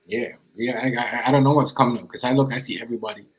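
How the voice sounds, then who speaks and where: A man's voice: mid-range voice, steady tone, rapid-fire, slightly rough, poor audio. A man hosting a podcast in casual chat, talking loosely and repeating his phrases. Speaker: podcast host.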